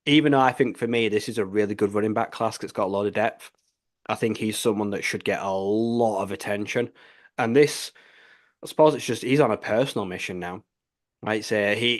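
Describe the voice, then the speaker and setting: Low-voiced man in casual podcast sports chat. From United Kingdom. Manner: leans on the filler "like I say", restarts often. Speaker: podcast co-host.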